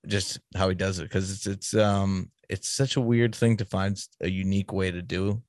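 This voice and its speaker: A man with a Boston accent, a comedian guest, talking bluntly in a gruff tone that sounds annoyed. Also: sits low, level tone, normal speed, a little mellow, no echo, studio quality. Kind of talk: casual chat.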